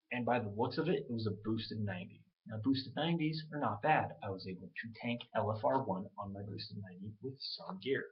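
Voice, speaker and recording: A man ranting casually into his webcam, animated and profane, acting out other people's lines as he goes. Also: on the low side, muffled recording. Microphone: webcam mic.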